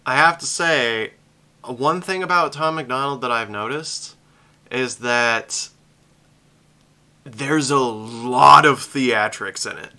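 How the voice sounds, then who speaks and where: A man's voice: mid-range voice, takes it slowly, bright, forceful tone. A man streaming a reaction to a music video, chatting casually, laughing often and rambling with restarts.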